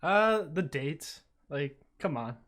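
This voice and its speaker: Laid-back young man, slightly high voice. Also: lively intonation, slow, fairly bright tone. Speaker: podcast co-host. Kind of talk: casual chat.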